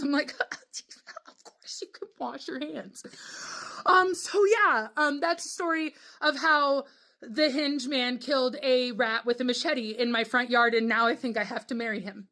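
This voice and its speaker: A young adult woman telling a casual storytime and acting out her own reactions with animated energy. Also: high voice.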